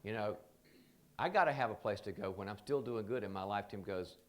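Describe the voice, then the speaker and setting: A man's voice: on the low side, brisk. A man teaching a live training seminar in a conversational, joking way, often slipping into quoted voices.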